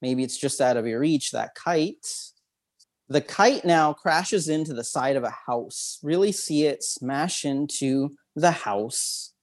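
A man's voice: a little high, lively intonation, takes it slowly. Upbeat man guiding a memory exercise. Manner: upbeat, instructive, chuckles often. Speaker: guest memory expert. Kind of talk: guided visualization in an interview.

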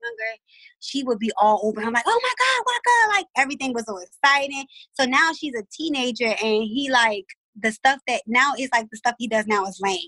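A woman's voice: fairly high pitch, fairly quick, no echo, poor audio. A woman in her thirties with a Baltimore accent, chatting casually as a guest and acting out the voices of people in her stories. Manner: animated storytelling, acts out voices. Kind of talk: casual chat.

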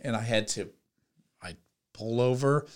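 A young man hosting a podcast, telling a story in casual chat with lots of swearing and loud acted-out quotes. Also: mid-range voice, unhurried. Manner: animated, profane storytelling with shouted quoted voices. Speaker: podcast host.

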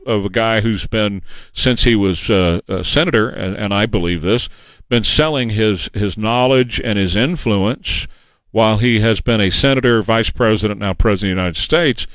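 Male talk radio host, mid-pitched, opinionated and mocking, dry studio mic. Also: a bit bright, no room sound. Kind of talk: political talk radio monologue.

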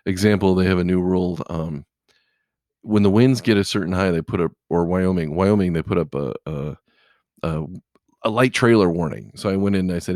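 In clean, echo-free studio audio, a middle-aged man who drives trucks talks casually, his voice deep, darkish, and fairly quick. His stories wander, and "you know" comes up constantly.

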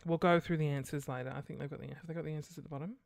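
A woman's voice: sits low, steady tone, very fast, vocal fry, darkish tone, no room sound. A woman hosting a casual solo podcast late at night, rambling and sarcastic, muttering curses under her breath. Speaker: podcast host.

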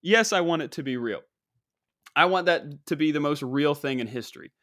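Young male host, excitable and joking, sharp bright tone. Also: a little high, normal speed, no echo, clean studio sound. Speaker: show host. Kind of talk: comedic monologue.

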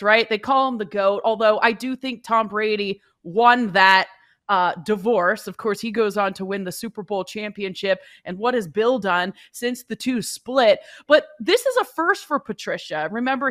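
A woman co-hosting a sports talk debate, animated and wry. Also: fairly high pitch, no echo, studio quality.

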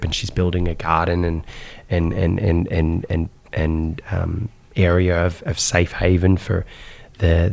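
Iraqi-born man, low gravelly voice, animated guest storyteller. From Iraq. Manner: animated, repeats "right?" and "insane", many fillers. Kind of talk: personal storytelling in conversation.

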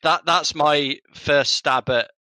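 A man's voice: a little high, steady tone, slow, sharp tone, no room sound. A man co-hosting a podcast over a video call, chatting casually in a dry, sarcastic way and laughing often. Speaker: podcast co-host. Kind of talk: casual chat. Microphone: webcam and mic on a video call.

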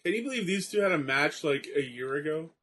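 A man's voice: on the high side, lively intonation, brisk, a bit bright. A man chatting casually while watching a match, giving easygoing running commentary. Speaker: co-viewer. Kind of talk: casual watch-along chat.

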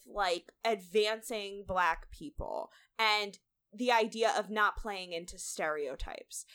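A woman co-hosting a podcast, chatting animatedly with blunt opinions and easy laughter. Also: mid-range voice. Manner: animated, laughs easily, makes blunt side points. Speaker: podcast co-host. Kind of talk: casual chat recapping a reality show.

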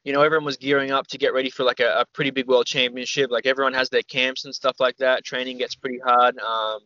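Bright-voiced young man telling stories. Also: medium pitch, little pitch movement, quick pace, dry recording. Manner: loose, rambling, heavy on "like" and "man". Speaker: podcast guest. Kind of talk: casual storytelling interview. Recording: slightly dull, dry recording.

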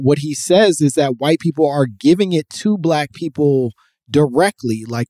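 A man's voice: mid-range voice, a little mellow, no room sound, clean studio sound. A man hosting a casual podcast chat, explaining at length with many fillers and restarts. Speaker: podcast host.

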